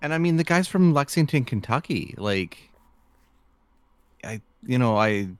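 A man co-hosting a casual movie discussion, rambling and measured, often trailing off quietly. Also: medium pitch, expressive, smooth, no echo.

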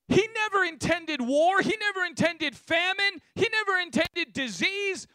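A man preaching a sermon with passion, building to shouts. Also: very high-pitched, no echo, studio quality. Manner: impassioned, rising to shouts.

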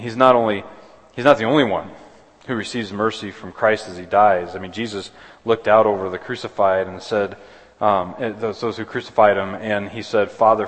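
A man's voice: lowish voice, fairly bright tone. Earnest male pastor in a reverberant hall. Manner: earnest, with many restarts and repeated words. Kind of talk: sermon. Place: church sanctuary.

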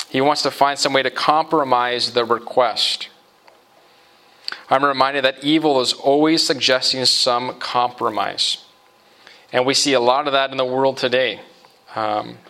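A man's voice: medium pitch, sharp tone. A man preaching a sermon as pastor, in a conversational way, often checking in with listeners by asking "right?". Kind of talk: expository sermon.

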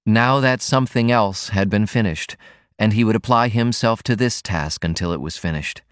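A man reading a novel aloud as an audiobook narrator, in a measured, even manner. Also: fairly low pitch, clean tone, dry recording, studio quality. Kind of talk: scripted narration.

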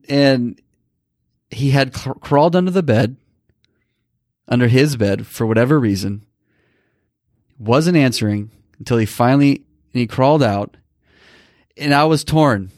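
A man's voice: mid-range voice, a little slow, pauses often, a little mellow, dry recording, studio quality. A man in his thirties telling a personal story on a podcast, emotional and rambling, with many restarts. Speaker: podcast co-host. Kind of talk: casual storytelling.

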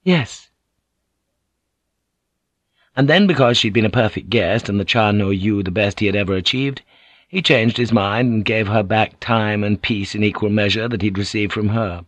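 A man reading a novel aloud in calm, even scripted narration. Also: on the low side, moderate pace, dry recording. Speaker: audiobook narrator.

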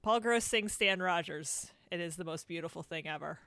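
A woman's voice: fairly low pitch, moderate pace, bright, forceful tone. A woman in casual podcast banter, chatty and enthusiastic.

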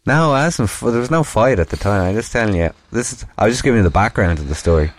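A man's voice: lowish voice, animated, fast talker, a little hiss or hum. A young Irish man hosting a podcast, telling a school story in casual chat, rambling and swearing freely. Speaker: podcast host.

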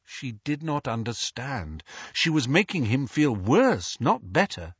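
A male audiobook narrator reading slowly and expressively, with a wide, lively pitch range. His voice is husky, and the recording is dry and a little dull. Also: no echo.

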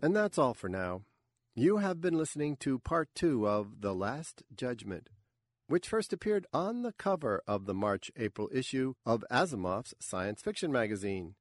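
A man's voice: medium pitch, big pitch swings, moderate pace, no room sound. A man hosting a fiction podcast, closing the episode in a wry, self-deprecating way. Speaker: podcast host. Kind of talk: podcast outro.

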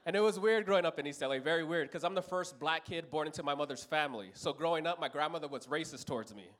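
A man's voice: a little high, quick pace, fairly bright tone. A man from Los Angeles in his thirties telling a profane stand-up story on a comedy club stage, acting out other people's voices.

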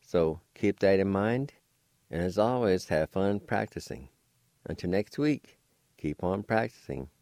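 Radio lesson host, man, deep and dark-toned, unhurried, repeats each word carefully, dry close mic. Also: animated, dry recording. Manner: spells letters and pronounces words slowly, repeating each. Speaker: language teacher on radio show. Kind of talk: slow radio language lesson.

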